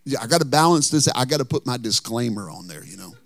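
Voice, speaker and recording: A middle-aged male pastor preaching with an animated, swooping delivery, full of folksy asides and humor. His pitch rises and falls widely. The sound is dry and close. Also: fast talker, no echo. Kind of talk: sermon.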